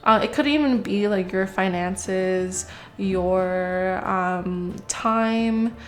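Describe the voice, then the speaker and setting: A woman's voice: medium pitch, very slow. Chatty woman rambling through a tarot reading. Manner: rambling and chatty, many fillers, swears when worked up. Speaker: tarot reader. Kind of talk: casual tarot reading to camera.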